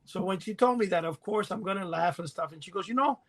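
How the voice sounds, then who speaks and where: High-voiced man rambling through stories. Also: fast talker. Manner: rambling, animated, laughs while telling stories. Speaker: podcast co-host. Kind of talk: casual storytelling chat.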